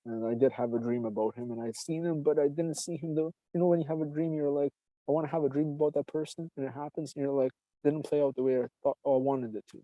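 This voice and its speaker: A man's voice: on the high side, fairly even intonation, quick pace, dry recording, dull audio. A man hosting a podcast, telling a long rambling personal story in a casual, profane way and calling the listener brother. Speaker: podcast host.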